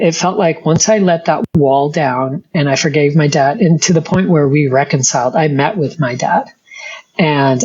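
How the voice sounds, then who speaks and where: Middle-aged woman, interview guest, earnest halting testimony, husky voice, muffled lo-fi sound. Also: low-pitched, a little mellow. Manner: earnest, halting storytelling with many restarts.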